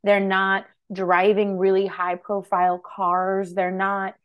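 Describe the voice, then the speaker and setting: A woman's voice: medium pitch, monotone, takes it slowly, fairly bright tone, clean tone. A woman co-hosting a film podcast in casual chat, playful, teasing and opinionated. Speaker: podcast co-host.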